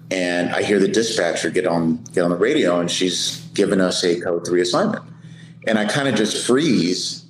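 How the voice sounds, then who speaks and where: Middle-aged police sergeant, animated storyteller in a roomy space with faint background hiss. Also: male voice, lowish voice. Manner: lively, laughing anecdote teller. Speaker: police sergeant, podcast guest.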